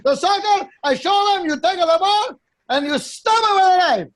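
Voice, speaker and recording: A swaggering male soccer coach, put on by a man, speaking in broken English. He is cheerfully violent and boastful, and his voice is high and lively. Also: normal speed.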